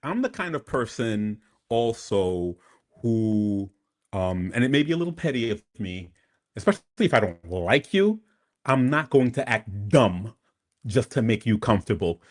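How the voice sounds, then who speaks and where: Male co-host, lowish voice with a lively, swooping pitch, blunt and emphatic. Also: a little slow. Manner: emphatic, repeats himself for stress. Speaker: podcast co-host. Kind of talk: casual chat.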